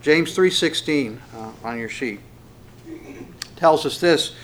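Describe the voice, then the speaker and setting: A man's voice: a little high, slight background noise. Folksy male pastor preaching. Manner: relaxed and folksy, with frequent fillers and restarts; slows down and lifts his voice when reading verses. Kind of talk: conversational sermon with scripture reading.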